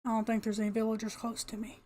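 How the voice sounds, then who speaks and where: A woman's voice: on the high side, completely flat delivery, quick pace, a little mellow, slight background noise. An older woman talking casually to herself as she plays a video game, laughing often and cursing mildly at the game's creatures. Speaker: gamer. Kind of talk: casual gameplay commentary.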